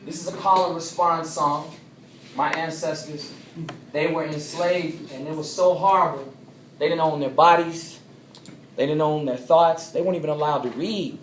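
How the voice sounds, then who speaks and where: Lively man speaking to a crowd. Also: fairly high pitch, moderate pace, a little hiss or hum. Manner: animated, draws answers from the crowd. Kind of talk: interactive talk to a live audience. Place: coffeehouse. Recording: echoey room with loud ambience.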